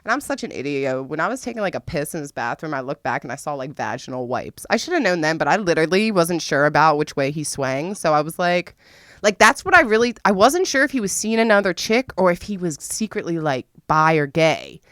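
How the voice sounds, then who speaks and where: A woman's voice: deep voice, a little fast, dry recording, studio quality. A woman hosting a podcast, telling a story in a casual, profane way, laughing often. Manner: excitable, voice spikes when venting. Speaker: podcast host.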